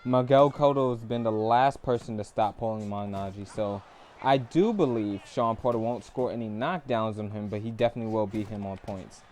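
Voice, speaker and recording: A man's voice: on the low side, a little fast. Young male streamer, easygoing talk about boxing, faint noise behind him. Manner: laid-back, breaks into laughter and loud bursts. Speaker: stream host and boxing commentator. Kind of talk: casual live-stream chat.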